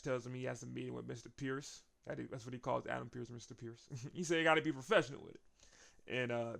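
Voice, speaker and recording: A man hosts a casual wrestling recap, talking in a loose, chatty way and laughing often between points. His voice is gravelly, with a middling pitch. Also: a bit bright.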